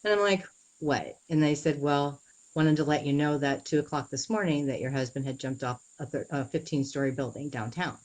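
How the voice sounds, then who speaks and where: Woman, young adult, very low voice, earnest, halting, lots of "you know", interview. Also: darkish tone, rough recording. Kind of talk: personal story in an interview.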